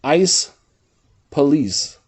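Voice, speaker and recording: A man with a slightly high, breathy voice speaks very slowly as he streams and chats casually with viewers. Rambling along, he reads a website aloud, talks to his chat, and swears freely in animated outbursts.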